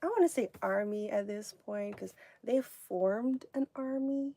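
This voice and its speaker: A woman's voice: mid-range voice, measured pace, warm tone. A woman talking to viewers on a live stream, mocking and sarcastic, sometimes dropping to a whisper. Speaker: livestreamer.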